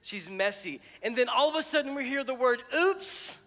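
In a church auditorium, a middle-aged pastor preaches a sermon, telling stories chattily with many restarts and repeated words. His very high-pitched voice is expressive, fast and sharp, and the recording carries church hall reverb with music.

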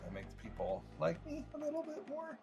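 A man's voice: very high voice, huge pitch swings, a little fast, creaky, music in the background. A man playing a strategy game in co-op, chatting casually and laughing often. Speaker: co-op gamer. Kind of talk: casual gameplay chat.

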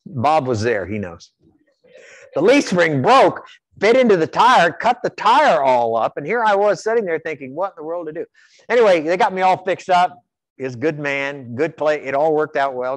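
A man from Iowa preaches in a church, spinning folksy personal stories. His pitch swings widely as he tells them. The sound is dry and close. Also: no room sound. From Iowa, USA. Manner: folksy storytelling, animated, repeats words. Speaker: pastor. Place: church sanctuary.

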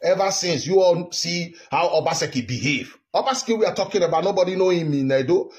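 Fired-up nigerian guy in his 50s ranting about politics to camera, voice sits a bit high. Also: animated, fast. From Edo State, Nigeria. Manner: heated, indignant, repetitive. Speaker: political commentary vlogger. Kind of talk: direct-to-camera political monologue.

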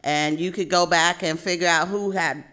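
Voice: medium pitch, steady tone, moderate pace, pushed and bright. Adult panelist telling neighborhood stories. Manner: storytelling, recounting neighborhood memories. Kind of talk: panel discussion. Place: public library meeting room.

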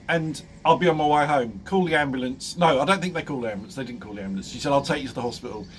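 A man's voice: mid-range voice, racing, few pauses, a little hiss or hum. A man vlogging casually, telling a funny story with lots of ums and laughing often. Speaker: motorcycle vlogger.

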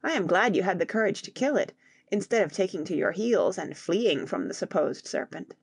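A woman voicing a calm, wise father explaining things to his sons in an audiobook. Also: fairly low pitch, normal speed, vocal fry, slightly rough, no echo, exaggerated voice.

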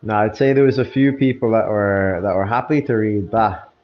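A man's voice: on the low side, moderate pace. A fighter chatting as a podcast guest, laid-back and laughing easily, often repeating words as he restarts his sentences. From Ireland. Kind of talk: casual podcast chat. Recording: dull lo-fi sound with faint noise.

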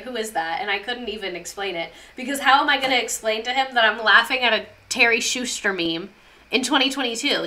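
A woman's voice: medium pitch, bright, forceful tone. A young woman streaming a casual history lesson, chatty and sarcastic, reading chat aloud as she goes.

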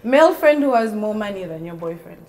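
A woman's voice: mid-range voice, lively intonation, fairly quick, crowd noise. A woman, co-hosting a podcast in casual, teasing chat and laughing often. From Uganda. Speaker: podcast co-host.

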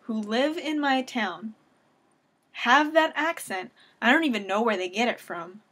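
A woman's voice: fairly high pitch, animated, unhurried, fairly bright tone, slightly rough. A young woman from Southern California ranting at home into a webcam, sarcastic and self-deprecating. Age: young adult. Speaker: vlogger. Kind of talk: casual webcam rant.

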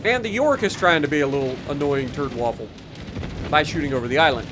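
Over a noisy background, a man with a fairly high voice and lively intonation talks a little fast. He's a gaming YouTuber doing relaxed, self-deprecating commentary, yawning and weary while he explains his plays and laughs off his errors.

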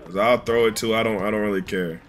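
A man's voice: fairly low pitch, fairly even intonation, fast talker, soft background music. A man streaming a basketball video game, bluntly scolding his teammates over voice chat.

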